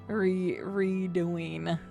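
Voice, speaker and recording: A woman's voice: fairly low pitch, fairly even intonation, very slow, gravelly, mellow. A woman streamer giving casual, playful commentary while she plays a video game, chatting to viewers and humming sing-song filler noises. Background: game music.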